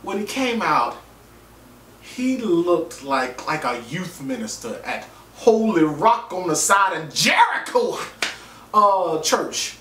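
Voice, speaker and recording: A man's voice: sits high, slow pace, a little hiss or hum. A man giving a casual, joking, profane recap of a TV episode and acting out what people said. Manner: animated, joking, profane, acts out quotes. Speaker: vlogger reviewing a TV episode. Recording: roomy, distant mic, faint ambience.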